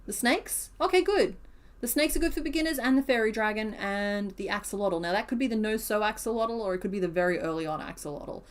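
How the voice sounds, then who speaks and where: A woman's voice: mid-range voice, lively intonation, a little fast. A woman, chatting casually on a live stream while she crochets, answering viewers and teasing herself. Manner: chatty, self-deprecating, answers chat questions.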